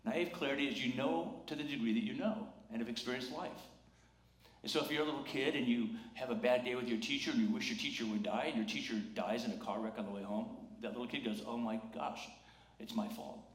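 Male pastor giving a sermon, mid pitch, echoey church room, chatty and joking, does little voices. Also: fast talker. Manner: conversational and humorous, acts out quoted voices. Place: church sanctuary. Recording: roomy church sound.

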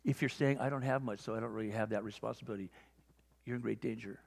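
A man preaching a sermon as pastor, telling stories and acting out both sides of conversations with lively energy. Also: medium pitch, fast, creaky. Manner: animated storytelling, acting out conversations. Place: church sanctuary. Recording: long hall reverb.

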